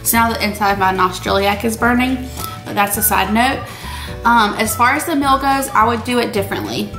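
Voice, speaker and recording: A woman's voice: on the high side, a little fast, over music. Chatty woman cooking at home. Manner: chatty, addresses viewers as y'all. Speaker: cooking vlogger. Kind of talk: casual cooking vlog. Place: home kitchen.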